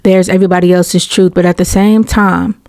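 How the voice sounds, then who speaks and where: A woman hosts casual reaction commentary and speaks with a gravelly edge. She is blunt and opinionated, and she uses everyday slang as if talking to friends. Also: fairly low pitch, little pitch movement, brisk, a little mellow. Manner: candid, opinionated, conversational with slang.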